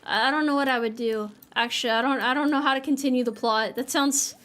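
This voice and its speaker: A young woman hosting a farming-game live stream banters playfully with chat and mocks herself. She speaks briskly in a high, steady, slightly bright voice.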